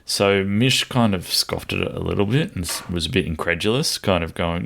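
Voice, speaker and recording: A man's voice: deep voice, brisk, vocal fry, hardly any pauses, a bit bright. A man hosting a casual podcast chat, telling stories with frequent laughs. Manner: chatty, laughs often, storytelling. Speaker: podcast host.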